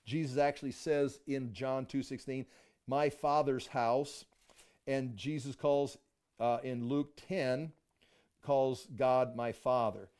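A man's voice: mid-range voice, fairly even intonation, takes it slowly, darkish tone, clear, resonant tone. A man teaching a Bible study class, thinking aloud and restarting his sentences often as he explains a passage to the group.

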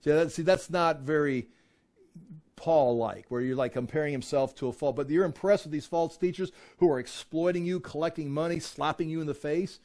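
A man's voice: on the high side, moderate pace, a little mellow. A man teaching a Bible study, reading scripture aloud and then explaining it in a loose conversational way, often restarting his sentences.

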